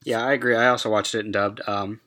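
A man's voice: lowish voice, flat delivery, quick pace, sharp tone. A man hosting a casual podcast, agreeable, steering the talk from one topic to the next. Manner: agreeable, steers the episode rundown. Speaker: podcast host. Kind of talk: casual chat.

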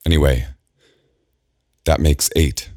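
A jittery young male engineer, voiced by the narrator trips over his words and restarts them. The voice is very deep and close-miked with no room sound. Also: steady tone, dark tone, dry recording. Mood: anxious. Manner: halting and stammering.

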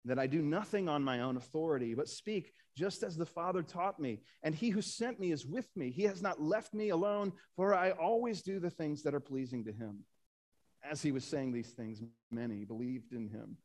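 Here a pastor with a higher-sounding, darkish voice and lively intonation preaches a Sunday sermon at a normal speed. He reads scripture aloud, rising for emphasis, and puts rhetorical questions to the congregation.

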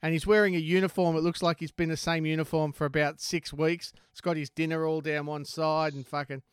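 A man's voice: fairly high pitch, little pitch movement, fairly quick, clean tone, no echo. A man telling a story in casual banter, swearing freely.

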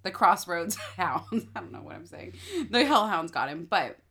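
A woman's voice: on the low side, animated, moderate pace, gravelly, bright, forceful tone. A woman co-hosting a podcast, casually recapping a TV episode, rambling with lots of fillers and acting out characters' lines. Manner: rambling, many fillers, acts out lines in quotes. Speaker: podcast co-host.

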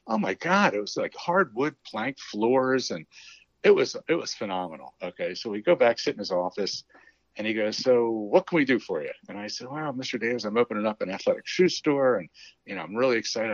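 A man's voice: mid-range voice, no echo. A middle-aged man telling a story in a casual interview, acting out the dialogue he recalls. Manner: animated, acts out quoted dialogue, chuckles. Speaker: guest telling a business story. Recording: dull lo-fi dry sound.

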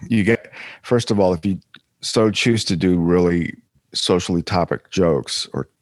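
A man with a very deep voice talks casually on a podcast, rambling and stopping to restart his sentences. The recording is dry and close. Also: a little slow, no echo. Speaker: podcast co-host. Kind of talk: casual chat.

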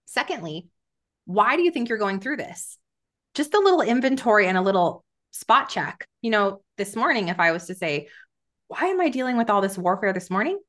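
A woman guest on a podcast, teaching in an earnest, emphatic way, slowing down and stressing her words when she reads scripture. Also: medium pitch, big pitch swings, fairly bright tone. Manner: earnest, emphatic, says "right?" often. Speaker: podcast guest, Christian coach.

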